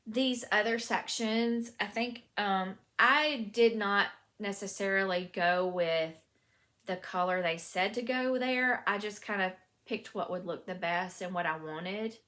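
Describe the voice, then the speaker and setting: A woman's voice: mid-range voice, sharp tone. Southern US woman, knitting vlogger; chatty, gushing show-and-tell at home, mid-range voice. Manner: gushing, chatty, lots of fillers. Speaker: knitting podcast host. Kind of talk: casual show-and-tell vlog.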